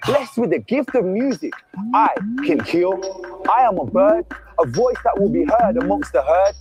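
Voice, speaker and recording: A man's voice: high voice, animated, moderate pace, darkish tone, faint music behind. A man performing spoken-word poetry in a rhythmic, declamatory way.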